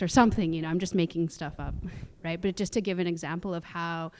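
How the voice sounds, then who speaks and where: Quick and with few pauses, her lowish voice holds a steady tone that is mellow and clean. This Musqueam woman from Canada is a guest speaker at a cultural sharing, casually relating personal stories on a theatre stage amid frequent laughs, fillers and restarts.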